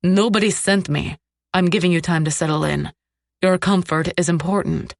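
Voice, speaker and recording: A woman voicing a cold, commanding male crime boss who speaks calmly and with clipped threat. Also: on the low side, moderate pace, vocal fry, no echo.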